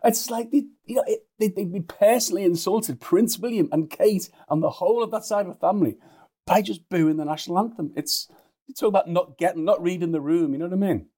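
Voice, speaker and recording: A man's voice: high-pitched, a little fast, warm tone. A man, a guest journalist in a casual chat, chuckling and often restarting his sentences.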